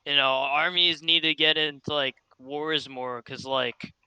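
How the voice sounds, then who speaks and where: A man's voice: on the high side, fairly even intonation, unhurried, bright, forceful tone, clear, resonant tone, dry recording, highs cut off. A man chatting casually on a podcast, rambling with frequent restarts. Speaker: podcast guest. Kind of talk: casual chat.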